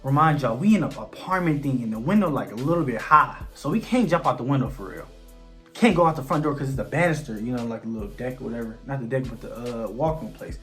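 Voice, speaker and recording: A young man tells a story to his viewers in loose, slangy speech. His voice sits at a middling pitch, and he jumps into the dialogue to act it out. Soft music plays quietly underneath. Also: quick pace. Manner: animated, slangy, acts out quoted dialogue. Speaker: vlogger. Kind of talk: storytime vlog.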